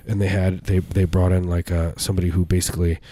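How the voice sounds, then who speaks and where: A man's voice: low-pitched, little pitch movement, fast talker, dark tone, a little hiss or hum. A man co-hosting a remote comedy podcast, spinning absurd rambling stories with many restarts. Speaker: podcast co-host. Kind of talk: improvised comedy chat. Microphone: remote recording setup.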